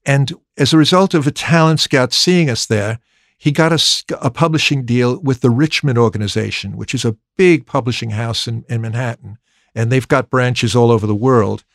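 A man in a conversation spins a long anecdote, doubling back on his words and restarting sentences as he goes. His voice sits at a middle pitch and sounds close and dry, with no room behind it. He slips into the voices of people he remembers. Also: moderate pace, creaky, no echo. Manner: lively, acts out remembered dialogue; frequent restarts and repeated words. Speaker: record producer guest.

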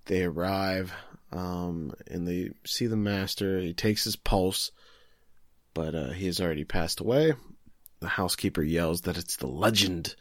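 A man's voice: deep voice, dry recording, studio quality. A young man casually recapping an anime episode as a podcast co-host, joking and acting out the characters' lines. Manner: joking, acts out characters' lines in quick voices. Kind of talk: casual chat.

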